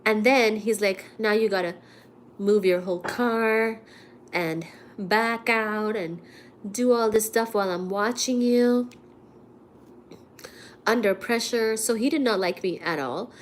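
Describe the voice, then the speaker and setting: A vlogger with a cold, coughing as she goes, tells a story in casual chat to a live audience, chatty and indignant and acting out the people she quotes. Her voice is mid-range and slow, with long pauses and a little hiss or hum in the background.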